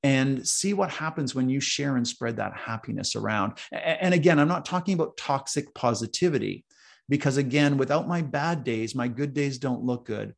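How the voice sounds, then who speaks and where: A man with a gravelly edge in his voice talks as a podcast guest. He is earnest and tells personal stories, repeating words for emphasis in a relaxed, casual conversation. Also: medium pitch, normal speed. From North America, East Coast. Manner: earnest, storytelling, emphatic repetition. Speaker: podcast guest, executive coach.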